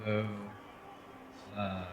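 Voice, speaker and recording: A man's voice: drawn-out words, dull audio, a little hiss or hum. A man playing a tabletop game who describes his character's actions in the third person. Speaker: player. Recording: roomy, from far off the mic.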